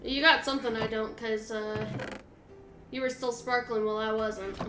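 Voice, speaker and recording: A woman's voice: a little high, steady tone, normal speed, echoey room, noisy background. A woman chatting casually while playing a game, thinking aloud with lots of fillers. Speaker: game co-player. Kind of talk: casual gaming chat.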